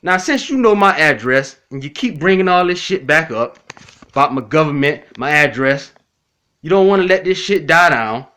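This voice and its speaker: A YouTube commentator with a fairly high, lively, sharp voice speaks at a normal pace in a response video. He addresses his critics directly, casual and blunt, repeating himself and swearing freely.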